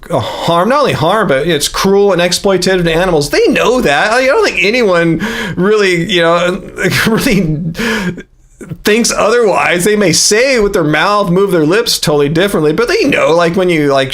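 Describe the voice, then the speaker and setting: A man in his fifties chats loosely to his livestream viewers. His voice sits fairly high, and he rambles along with lots of fillers and restarted sentences. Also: a bit bright. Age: 50s. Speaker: livestream host. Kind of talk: casual livestream chat.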